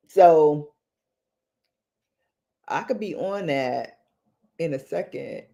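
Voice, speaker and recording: Lively, playful woman livestream host. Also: deep voice, drawn-out words, pauses often. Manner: playful, laughing, repeats phrases for emphasis. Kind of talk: casual livestream chat with viewers.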